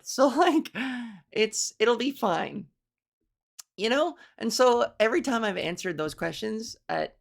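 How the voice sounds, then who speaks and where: A woman's voice: medium pitch, creaky. A woman comedian hosting a solo podcast, rambling and self-mocking, with lots of fillers.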